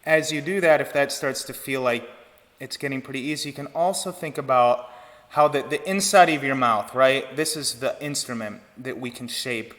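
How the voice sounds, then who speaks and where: A man's voice: mid-range voice, normal speed. Man teaching choir technique in a hall. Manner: relaxed teaching talk with sung demonstrations. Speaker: choir director. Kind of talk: online vocal technique lesson.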